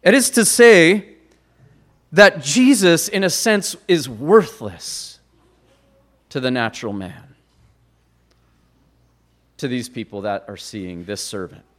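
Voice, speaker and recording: A man preaching a sermon, building to loud stressed words and then dropping to quiet, low phrases. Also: animated, slow, pauses often.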